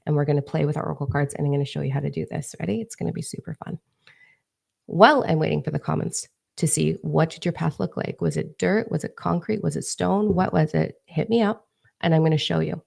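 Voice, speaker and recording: A woman's voice: low-pitched, steady tone, fast talker, vocal fry, darkish tone, slightly rough. A woman livestreaming from her phone as a spiritual coach, brash, profane and emphatic. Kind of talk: livestream talk to viewers.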